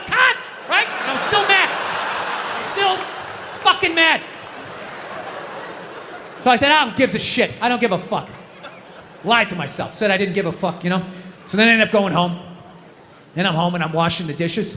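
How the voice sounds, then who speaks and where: Man, stand-up comedian, exasperated profane ranting, high pitched voice, long hall reverb. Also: background noise. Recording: live stage mic in a large hall. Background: audience laughter.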